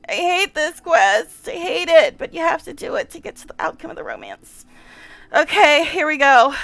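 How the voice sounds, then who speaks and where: A woman's voice: sits high, big pitch swings, normal speed, creaky, a bit bright, no echo. A woman giving casual let's-play commentary and reading game text aloud, distressed and exasperated, sighing and repeating herself. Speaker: game streamer.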